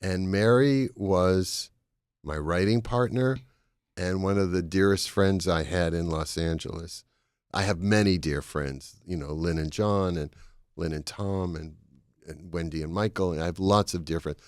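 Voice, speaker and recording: A man's voice: low voice, a little slow, dry recording, clean studio sound. An older man with a Boston accent, a comedian and author telling meandering, comic stories as a talk-show guest. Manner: anecdotal, meandering, with comic timing. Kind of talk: casual chat, storytelling.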